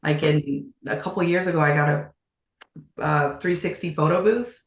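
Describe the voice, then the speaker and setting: A woman in her thirties, a real estate agent, talking as a podcast guest in a brisk, casual way and laughing easily. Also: low-pitched. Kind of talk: casual interview chat. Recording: echoey room.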